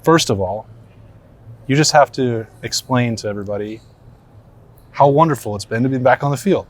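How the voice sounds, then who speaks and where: A man's voice: mid-range voice, normal speed. A man hosting a sports podcast, upbeat and joking, asking long rambling questions. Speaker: podcast host. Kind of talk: casual sports podcast chat.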